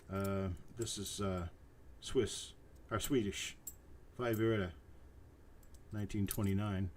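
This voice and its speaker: A man's voice: on the low side, darkish tone, a little hiss or hum. A man hosting a live coin auction, chanting bid calls over and over and chatting casually between them. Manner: rapid repetitive bid calling, casual asides. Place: cluttered room at home.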